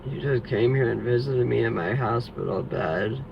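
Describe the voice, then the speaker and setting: A man's voice: mid-range voice, normal speed, vocal fry. A man telling a story in an angry, profane vlog rant, rambling and restarting often. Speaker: vlogger. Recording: lo-fi with faint background noise.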